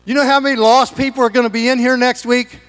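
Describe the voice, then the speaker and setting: In his church sanctuary, a middle-aged pastor with a high voice preaches fast, his tone clean, with faint music behind him. He swings between quiet, conversational asides and loud, excited exhortation of the congregation.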